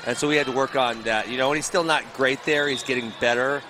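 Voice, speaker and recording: A male wrestling coach talks casually, voice sitting at a middling pitch. He tells stories in an animated way, slipping into quick back-and-forth exchanges. The recording carries steady background noise. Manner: animated storyteller who acts out exchanges with his wrestlers. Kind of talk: casual podcast conversation.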